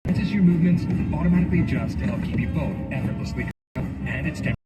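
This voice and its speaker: A man reading a radio ad smoothly and persuasively. His voice sits on the high side. It is heard from across the car on the radio, over loud music. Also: fast talker, distant mic. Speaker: ad narrator. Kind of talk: scripted ad read.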